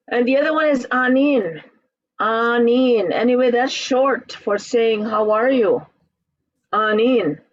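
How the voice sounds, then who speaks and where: A language teacher leading an online class in a relaxed, halting way with many fillers, heard over a video call. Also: mid-range voice, no echo, dull audio.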